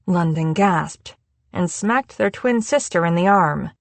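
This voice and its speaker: A woman reading an audiobook in a measured, unhurried scripted narration. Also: fairly low pitch, lively intonation, vocal fry, dry recording.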